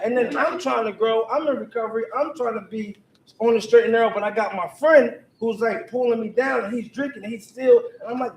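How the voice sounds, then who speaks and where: A man's voice: very high-pitched, steady tone, fast talker, darkish tone. A man earnestly telling a rambling personal story at a community meeting, acting out bits of dialogue. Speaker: community member sharing at a forum. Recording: echoey room, far from mic, faint noise.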